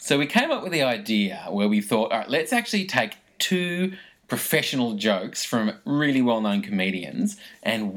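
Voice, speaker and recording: A man hosting a casual podcast, laughing often between lines. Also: fairly low pitch. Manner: laughs often, lively delivery. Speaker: podcast host.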